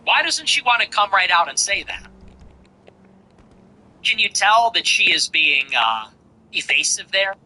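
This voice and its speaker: A man hosting a show, commenting on a played clip in an animated, mocking way and slowly repeating phrases. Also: high-pitched, rough recording. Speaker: show host.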